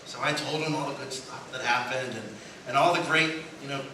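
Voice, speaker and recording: A man of medium pitch with fairly even intonation and a sharp tone preaches a little fast. His sermon is full of funny stories, with voices acted out for the people he quotes and laughter at his own jokes. It was recorded far off in an echoey, noisy church sanctuary.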